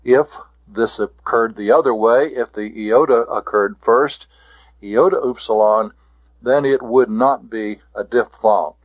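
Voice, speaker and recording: Slow, methodical male language teacher. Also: medium pitch. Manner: deliberate and methodical, repeats key terms. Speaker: Greek teacher. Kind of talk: classroom lecture. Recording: dull lo-fi lecture recording.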